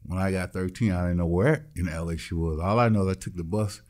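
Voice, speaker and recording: A man's voice: sits low, fast, darkish tone. A man, a musician guest in an interview, telling his story bluntly and acting out the voices of the people in it. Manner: blunt, swears freely.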